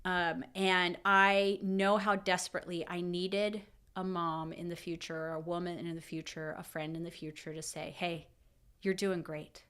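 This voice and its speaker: A woman in her thirties, a podcast co-host, telling a personal story in casual chat, emotional and lively, quoting her own thoughts aloud. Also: on the low side, measured pace, clear, resonant tone.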